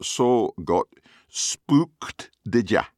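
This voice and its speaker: A man's voice: medium pitch, animated, very slow, no room sound, clean studio sound, voice pushed up. A man voicing a jovial older Glaswegian father with a teasing, hearty manner, in a storybook reading.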